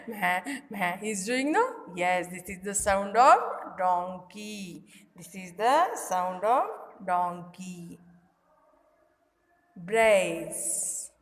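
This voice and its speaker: Woman kindergarten teacher, very slow and patient, simple repeated lines, imitates animal noises, recorded in a reverberant room. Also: medium pitch. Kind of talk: recorded lesson for young children. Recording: echoey room with long reverb.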